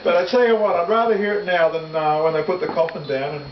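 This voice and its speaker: Brief: middle-aged muso, raised voice, rambling, far off in an echoey room with heavy noise. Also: male voice, high-pitched, fairly even intonation, fast talker. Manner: rambling, self-correcting, laughs easily. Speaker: musician and interview guest. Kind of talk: casual reminiscing interview. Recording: echoey, distant, dull, loud noise.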